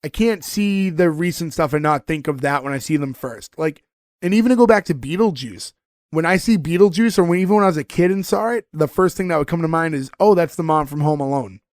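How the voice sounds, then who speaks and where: A man's voice: a little high, animated, a little fast, a little mellow, no room sound, clean studio sound. A man hosting a podcast, recapping a sitcom episode in a casual, rambling way with many fillers. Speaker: podcast host.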